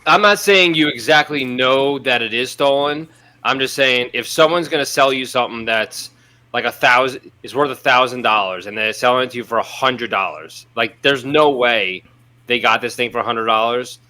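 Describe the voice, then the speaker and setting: A man's voice: medium pitch, moderate pace, pushed and bright. A man co-hosting a casual podcast, laying out hypothetical questions in a rambling, hesitant way. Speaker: podcast co-host.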